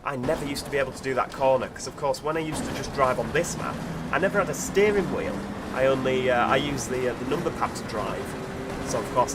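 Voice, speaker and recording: A man's voice: mid-range voice, very noisy. A man, chatting casually while he streams a game and greets viewers. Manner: chatty, reads out chat messages while driving. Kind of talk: casual livestream commentary.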